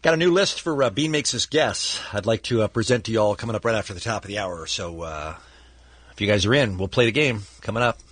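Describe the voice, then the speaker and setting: Radio co-host, rapid and husky, dry studio sound. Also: male voice, lowish voice, expressive, fairly bright tone, dry recording. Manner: quick, easygoing, throws to segments. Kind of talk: radio morning show banter.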